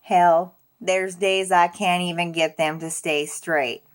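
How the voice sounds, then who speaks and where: A woman's voice: on the low side, steady tone, slow. A woman voicing a sweet, folksy old woman on a mobility scooter who calls everyone sweetheart. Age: older.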